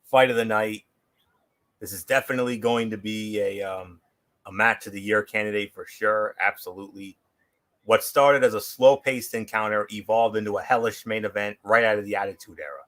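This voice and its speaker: A man's voice: on the low side, steady tone, normal speed, fairly bright tone. A man co-hosting a wrestling show, delivering a polished prepared review with wry, sarcastic asides. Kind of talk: prepared review read aloud.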